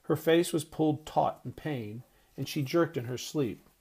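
A man reading a first-person audiobook narration in a hushed, tender way. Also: fairly high pitch, a little slow, breathy edge.

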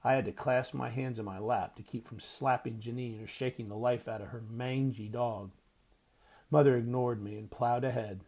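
A man reading a story aloud as narrator, in measured, even storytelling. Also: medium pitch. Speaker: audiobook narrator. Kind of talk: scripted narration.

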